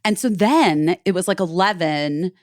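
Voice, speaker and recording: A woman's voice: fairly low pitch, lively intonation, a little slow, darkish tone, no echo, clean studio sound. A woman in her forties hosting a podcast, telling a story in casual chat, full of "like" and swearing freely. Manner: chatty, heavy on "like", swears freely. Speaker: podcast host.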